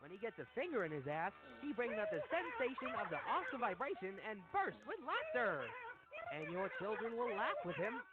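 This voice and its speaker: A man's voice: wildly swooping pitch, fairly quick. A man playing an upbeat announcer in a mock toy commercial, with a salesy delivery. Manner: salesy, sing-song pitch. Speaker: parody ad announcer. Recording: lo-fi clip with loud jingle music.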